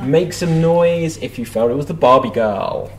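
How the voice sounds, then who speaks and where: A man's voice: a little high, normal speed, very noisy. A man hosting a live improv show, upbeat and laughing often.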